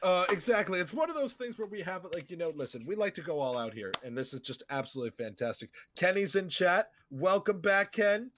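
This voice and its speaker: A man's voice: high voice, big pitch swings, fairly quick, few pauses, noisy background. A man co-hosting a live film podcast, joking and hamming it up as he introduces the show and guests. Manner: playful, jokey showman intros. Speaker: podcast co-host.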